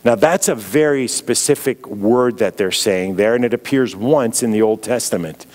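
A man's voice: fairly low pitch, normal speed. Earnest middle-aged man giving a sermon. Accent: Canadian. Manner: earnest, reflective, drops softly when quoting. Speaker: guest speaker.

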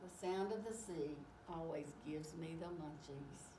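A woman voicing a mild, sheepish male shark from a picture book, in a slow read-aloud. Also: low-pitched, voice pushed down. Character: a playful cartoonish male shark. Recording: echoey room, distant mic, faint hiss.

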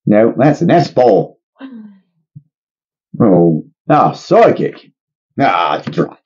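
A man's voice: lowish voice, extremely slow, slightly rough, lo-fi sound. A man hosting a casual card-opening video, joking and guessing playfully. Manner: playful, jokey, excitable guessing. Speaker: channel host opening card packs. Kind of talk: casual chat.

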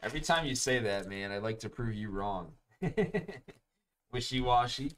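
A man's voice: medium pitch, expressive, measured pace. A young man hosting a live card break, chatting casually and calling out each card as he opens packs. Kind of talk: live-streamed pack opening chat.

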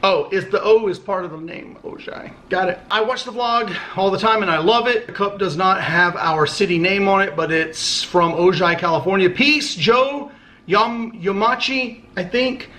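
Man, casual swearing vlogger, high voice, bright tone, joking mail-time chat. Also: a little hiss or hum. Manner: loose, profane, joking, reads notes aloud haltingly. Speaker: vlogger opening fan mail.

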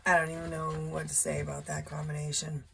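A woman doing a casual solo tarot reading, slow and musing, thinking aloud with blunt asides. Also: deep voice, fairly even intonation, creaky, noisy background. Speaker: tarot reader. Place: indoor room with a window.

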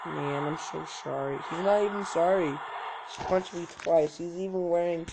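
A gaming channel host giving casual, joking let's-play commentary, with sudden loud yelps and self-mocking asides. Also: mid-range voice, fairly even intonation, unhurried, gravelly, background noise.

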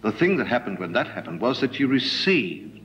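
A man preaching a sermon, animated, with ironic asides and emphatic rises. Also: fairly low pitch, moderate pace, dull audio. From Australia.

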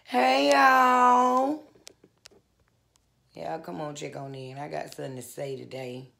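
A woman's voice: sits low, takes it slowly, vocal fry, sharp tone. Chatty singer woman in an echoey room. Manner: chatty and effusive, often calls out "y'all". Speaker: singer talking to her fans. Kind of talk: casual vlog chat. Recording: roomy echo with faint guitar behind.

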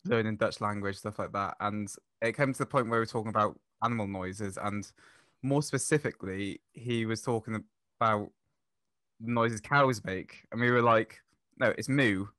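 Casting: male podcast guest, bright tense tone, close dry sound, explains patiently. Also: lowish voice, normal speed, no room sound. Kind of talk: casual podcast chat.

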